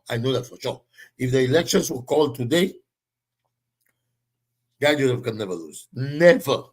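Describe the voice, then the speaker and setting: A man's voice: medium pitch, breathy edge. A man hosting a live political commentary show, talking in a heated, emphatic way and greeting viewers by name.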